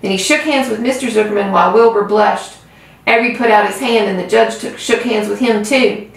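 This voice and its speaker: A woman who hosts a reading channel, reading a children's book aloud with gentle storytelling. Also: medium pitch, brisk, vocal fry. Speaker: reader. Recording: roomy, far from mic.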